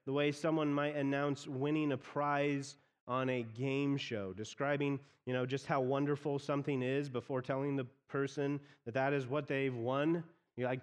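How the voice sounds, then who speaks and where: A man's voice: mid-range voice, steady tone, moderate pace, smooth, big-room sound. A man preaching an expository sermon as pastor, often repeating phrases as he explains a text.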